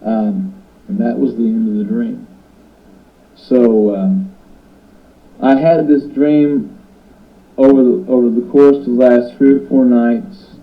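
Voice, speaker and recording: A sleepless man tells of his dream in an earnest, urgent testimony, stumbling and repeating his words as he goes. His voice sits at an ordinary middle pitch. The audio is dull and lo-fi. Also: fairly even intonation, slow, long pauses. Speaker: pastor recounting a dream. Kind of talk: spoken testimony to camera.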